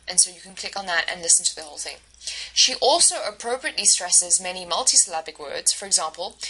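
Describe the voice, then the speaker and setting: A woman's voice: medium pitch, bright, forceful tone, poor audio. A woman instructor giving a recorded lecture, explaining step by step with fillers and self-corrections.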